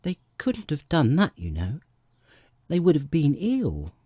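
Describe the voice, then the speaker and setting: A man voicing a curious, earnest young girl in a storybook, inquisitive and quick to take offense. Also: a little high, huge pitch swings, warm tone, no echo, clean studio sound, pitched above the performer's own voice, full character voice.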